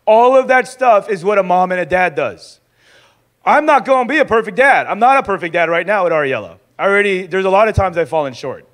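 A young adult man teaching in a sermon style, lively and acting out little dialogues as he goes. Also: sits high, brisk. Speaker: pastor teaching a discipleship school.

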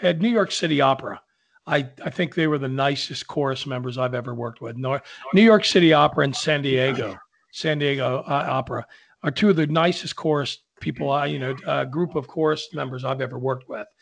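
A man, an opera singer co-hosting a casual video-call chat, rambling warmly as he keeps the talk moving. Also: medium pitch, brisk, creaky.

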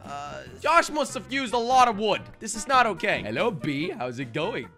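Excitable man doing game commentary. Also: sits high, normal speed, loud music behind the voice. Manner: excitable, shouting, big swings. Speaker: gaming video host.

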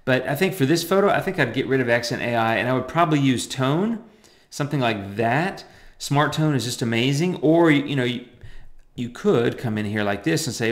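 A man walks through a photo editing tutorial at his screen, chatty and loose, with lots of fillers and side remarks. His voice sits at an average pitch. The room around him gives a clear echo. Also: expressive, fairly quick. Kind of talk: casual screen-recorded tutorial.

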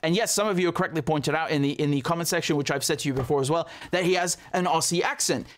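Indignant man doing news commentary, sarcastic, stammers and restarts, voice a touch high. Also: quick pace. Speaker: commentator reacting to news clips. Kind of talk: casual political commentary.

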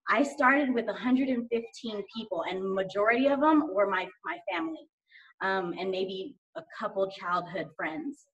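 Woman guest, eager and rambling, mid pitch, heard from far off, muffled remote audio. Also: expressive, normal speed, a bit bright. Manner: enthusiastic and rambling, many "like"s. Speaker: guest sharing sales tips. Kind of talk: casual interview chat.

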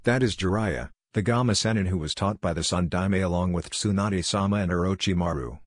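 A man's voice: sits low, brisk, dry recording, clean studio sound. A man reading the lines of a serious adult ninja teacher explaining.

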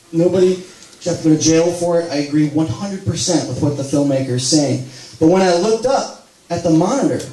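A man's voice: on the high side, a little mellow. A man in his late thirties telling a rambling, self-deprecating spoken word story to a live audience. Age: late 30s. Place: small live venue with audience. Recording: roomy live recording from far off, crowd noise. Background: audience laughter.

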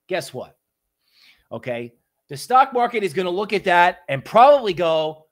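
Man, higher-pitched voice, animated joking storyteller, casual market commentary host. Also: normal speed. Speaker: crypto market livestream host.

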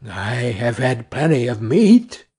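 A man voicing a hungry, tired male shepherd's dog in a plain, lower voice. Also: sing-song, takes it slowly, warm tone, breathy edge, exaggerated voice.

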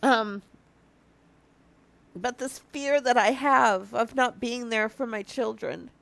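Teary, slow-speaking woman in her fifties. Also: high voice, pushed and bright, no echo. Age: 50s. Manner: earnest and confessional, with halting restarts. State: teary, on the edge of crying. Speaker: marriage ministry speaker. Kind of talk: heartfelt devotional talk to viewers.

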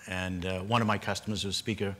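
Older Boston man, panel storyteller, earnest, bright and lowish voice. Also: level tone, fast. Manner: earnest, with repeated restarts and brief laughs. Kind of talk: personal storytelling at a public forum.

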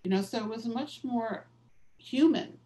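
A woman's voice: on the high side, unhurried, dark tone, rough recording. A woman author and activist, the guest in a conversational interview, telling stories in a candid, reflective way with casual fillers.

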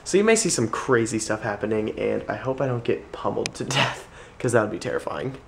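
A man's voice: medium pitch, lively intonation, a little fast, vocal fry, slight background noise. A young man, chatting casually into a handheld camera, rambling with lots of ums and restarts while he sounds tired and unwell. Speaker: vlogger. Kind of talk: casual vlog chat. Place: outdoors in the rain, then a home garage.

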